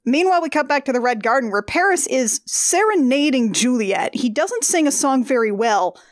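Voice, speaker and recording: A woman's voice: high-pitched, animated, normal speed, no echo, studio quality. A woman co-hosting a podcast, recapping a film in rambling, flustered casual chat with laughing asides. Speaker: podcast co-host.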